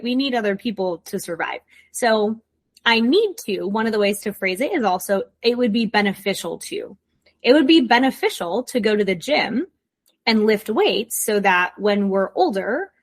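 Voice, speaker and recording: A young adult woman hosting a podcast, giving casual, encouraging advice with quick asides. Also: medium pitch. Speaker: podcast host, coach.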